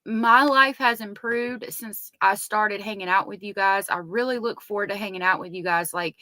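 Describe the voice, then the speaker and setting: A woman's voice: mid-range voice, moderate pace, sharp tone, no echo. A woman with a Southern US accent hosting a casual true crime live stream, chatting and greeting viewers by name.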